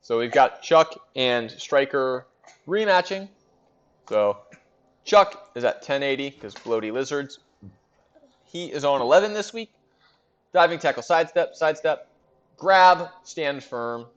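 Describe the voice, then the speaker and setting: A man casually recapping league matchups, chatting and thinking out loud with fillers. His pitch is middling, and the recording sounds slightly dull and lo-fi. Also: big pitch swings, unhurried. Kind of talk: casual game commentary.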